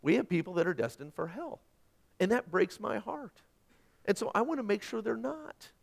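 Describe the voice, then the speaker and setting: A middle-aged man preaching a sermon as pastor, emphatic and repetitive, moving between loud and quiet. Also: sits high, sing-song, normal speed, creaky.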